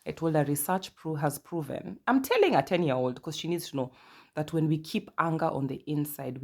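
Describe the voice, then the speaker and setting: Kenyan woman in her 30s, low voice, rambling chatty podcast talk full of little stories. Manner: chatty, animated storytelling with asides and quoted dialogue. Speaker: podcast host. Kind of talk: casual personal monologue.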